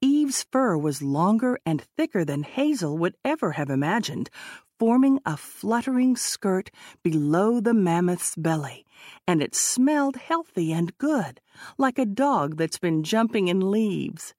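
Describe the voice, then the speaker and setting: A woman narrating an audiobook in a measured, expressive way. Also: mid-range voice, dry recording, studio quality.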